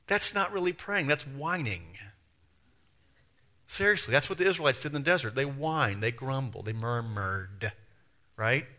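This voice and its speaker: A man's voice: medium pitch, lively intonation, normal speed, long pauses, sharp tone. A man pastor preaching a sermon in a conversational way, full of rhetorical questions and acted-out quotes.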